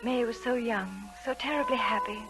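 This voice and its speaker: A woman's voice: on the high side, a little fast, close to an everyday voice, rough recording. Ellen, a tender, torn young woman, played by an actress. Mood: wistful. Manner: soft, pleading and restrained. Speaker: narrating lead in a radio play. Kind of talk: 1940s radio acting. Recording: old radio broadcast with faint music.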